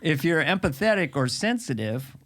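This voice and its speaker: A man in his sixties hosting a casual comedy podcast, playful and quick to drop into little impressions. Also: a little high, very animated, a bit bright. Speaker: podcast host.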